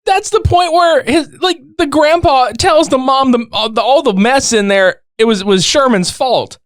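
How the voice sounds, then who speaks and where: A man co-hosting a podcast, recapping a film in casual chat, excitable, swearing freely and laughing often. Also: very high-pitched, normal speed, no room sound, studio quality. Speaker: podcast co-host.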